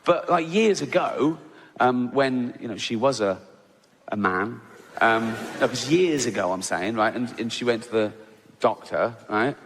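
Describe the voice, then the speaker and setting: A man's voice: mid-range voice, expressive, a little slow. A man doing stand-up comedy, rambling through self-interrupting asides and laughing at his own jokes. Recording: reverberant hall with audience noise.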